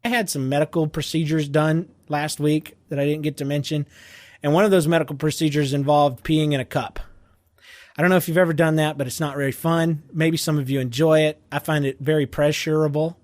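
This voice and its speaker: A man's voice: fairly high pitch, fairly quick, dry recording, studio quality. A man hosting a podcast, telling funny stories in casual chat and laughing along. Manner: animated storyteller, laughs while telling. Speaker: podcast host.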